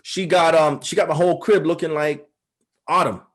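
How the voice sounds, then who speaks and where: A man's voice: a little high, steady tone, moderate pace. A married man and father co-hosting a podcast, teasing his partner in playful, slang-heavy talk. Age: adult, married father. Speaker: podcast co-host. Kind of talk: casual chat.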